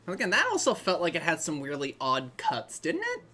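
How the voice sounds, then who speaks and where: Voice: medium pitch, huge pitch swings, brisk, pushed and bright. A host talking through a film in a casual commentary, rambling and chatty, with many side remarks. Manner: rambling, chatty, trailing off into asides.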